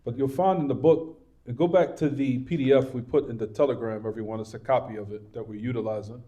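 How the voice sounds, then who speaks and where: A man's voice: medium pitch, fairly even intonation, fast, mellow, dull audio. A man teaching a religious class in a mosque, repeating points, reassuring his students and asking them rhetorical questions. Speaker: Islamic teacher.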